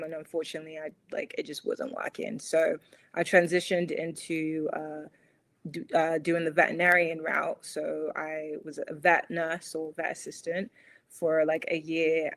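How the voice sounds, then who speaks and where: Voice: mid-range voice, a bit bright, poor audio. Young guest from London, British accent going a bit American, chatty and filler-heavy, casual interview. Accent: British, mixed with some American. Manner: chatty, lots of fillers and light laughs. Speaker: podcast guest.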